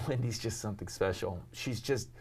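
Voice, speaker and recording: A man's voice: on the low side, normal speed, a little mellow, a little hiss or hum. A middle-aged man from New York, chatting as an interview guest in a rambling, self-deprecating way with many ums and restarts. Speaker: actor and talk show host, guest. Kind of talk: casual interview chat.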